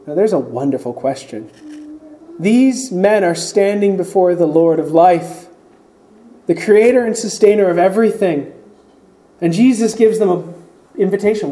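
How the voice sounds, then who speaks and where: A man's voice: high-pitched, expressive, a little slow, mellow, roomy sound, rough recording. A man preaching a sermon as pastor, explaining scripture and acting out the voices in the story.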